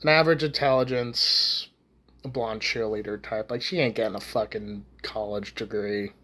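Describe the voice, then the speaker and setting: A man's voice: lowish voice, fairly even intonation, normal speed, pushed and bright. A young man ranting casually to camera, rambling with lots of swearing and false starts. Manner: profane, rambling, with many restarts and fillers. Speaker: YouTube ranter.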